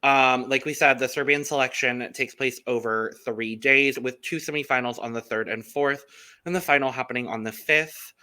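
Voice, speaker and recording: A man's voice: mid-range voice, steady tone, moderate pace, pushed and bright, clean tone. A man co-hosting a casual podcast, chatty and upbeat, with frequent ums. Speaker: podcast co-host.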